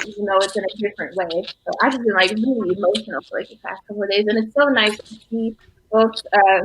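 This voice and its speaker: A woman's voice: medium pitch, slight background noise, rough recording. A young woman on a video call, emotional and near tears, rambling as she searches for words. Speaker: guest performer. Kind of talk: casual interview chat.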